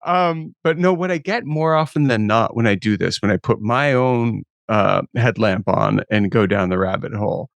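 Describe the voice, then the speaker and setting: Male podcast co-host, gravelly and playful, dry studio sound. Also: lowish voice, normal speed, hardly any pauses, no room sound. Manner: jokey, animated storyteller who laughs often. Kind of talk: casual podcast banter.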